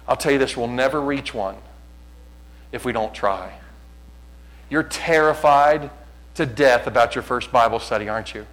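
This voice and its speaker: A male pastor preaching a sermon, earnest and pleading, acting out conversations in animated bursts. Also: medium pitch, moderate pace, pauses often, rough recording.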